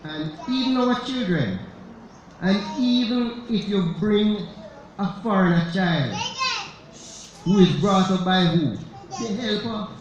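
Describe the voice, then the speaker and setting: Jamaican man, lay preacher, emphatic sermon with rhetorical questions, slightly high voice, very echoey church, dull sound. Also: animated, slow, pauses often, background noise. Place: church sanctuary.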